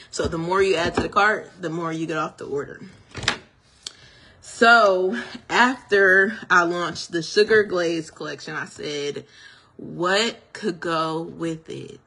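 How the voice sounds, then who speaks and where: A woman's voice: fairly low pitch, a bit bright, slight background noise. A woman hairstylist chatting casually to her viewers about her products, gushing and a little tongue-tied from her retainers. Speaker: hairstylist and small business owner. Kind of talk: casual product reveal vlog.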